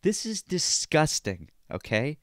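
A man's voice: a little high, huge pitch swings, slow pace, no room sound, clean studio sound. Profane, exasperated male podcast host ranting. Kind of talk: ranting commentary on a video.

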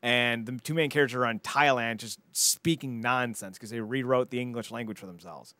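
A man in a casual podcast chat, his middle-pitched voice recorded close and dry with no room sound. He tells a film's plot with animated, mocking energy and keeps tripping over repeated words. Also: brisk, dry recording. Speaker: podcast co-host.

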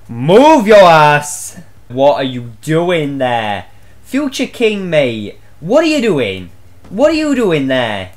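A man's voice: on the high side, huge pitch swings, slow. A young man giving gameplay commentary, swearing often and breaking into exasperated outbursts. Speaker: gaming channel host.

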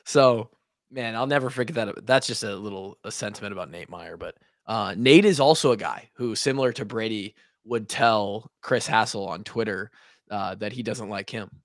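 A young man from Iowa, a former player co-hosting a podcast, tells a story in a lively, swearing, casual way and acts out the quotes. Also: lowish voice, moderate pace, no room sound, clean studio sound.

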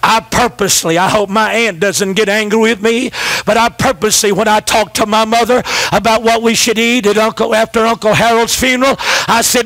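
High-voiced preacher, shouting and dry. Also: male voice, steady tone, brisk, dry recording. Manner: call-and-response preaching, swings from shouting to low asides. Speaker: pastor. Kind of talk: sermon.

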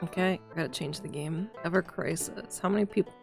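A woman's voice: lowish voice, fairly quick, gravelly. A woman streaming a video game, giving playful, sarcastic commentary and swearing freely. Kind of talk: casual gameplay commentary. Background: faint game music.

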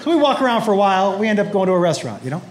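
High-voiced man telling stage stories. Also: very fast, a crowd in the background. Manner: animated, acts out quotes with big pitch swings. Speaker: stand-up comedian. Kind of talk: stand-up storytelling. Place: comedy stage. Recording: noisy live stage recording.

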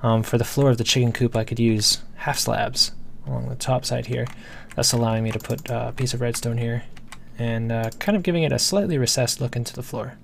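A man's voice: mid-range voice, a little fast, creaky, a bit bright, a little hiss or hum. A man giving casual let's play commentary, thinking aloud as he builds and rambling with many fillers. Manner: casual, self-talking while building. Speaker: gameplay host.

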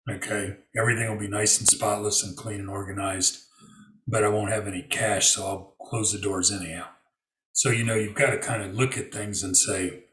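A man telling a work story in a relaxed interview, using lots of fillers and acting out what people said. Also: on the low side, normal speed, roomy sound, far from the mic, poor audio. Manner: storytelling with many fillers and acted-out quotes. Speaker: guest. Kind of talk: conversational interview.

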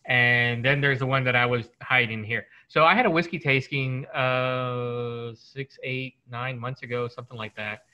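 Man, podcast host, bright tone, rambling casual chat, fillers and restarts. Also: medium pitch, fairly even intonation, moderate pace, few pauses, rough recording. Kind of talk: casual chat over whiskey tasting.

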